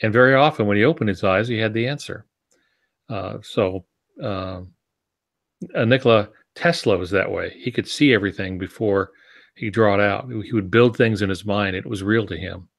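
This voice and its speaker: A man who writes novels, talking on a writing podcast in a reflective, storytelling way with thoughtful pauses. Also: on the low side, creaky, fairly bright tone, dry recording, studio quality. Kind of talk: casual podcast chat about writing.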